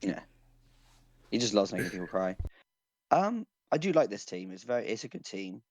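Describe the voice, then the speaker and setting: Guy hosting a loose podcast chat, lowish voice, dry close sound, rambles a bit. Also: very animated, normal speed, a little mellow, no room sound. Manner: rambling, explanatory, restarts often. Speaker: podcast host.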